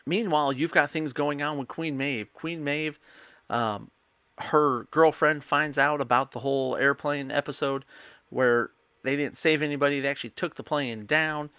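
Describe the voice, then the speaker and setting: A man's voice: on the high side, fairly even intonation, normal speed, bright, forceful tone, smooth, no echo. A young man hosting a podcast, rambling through a casual episode recap and quoting the characters' lines with many restarts. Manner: rambling, retells scenes with quoted lines and restarts. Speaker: podcast host.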